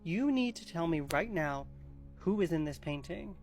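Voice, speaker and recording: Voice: medium pitch, animated, moderate pace, soft background music, close to an everyday voice. A storyteller quoting a suspicious wife who confronts her husband in a spooky story. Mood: demanding. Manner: demanding, suspicious.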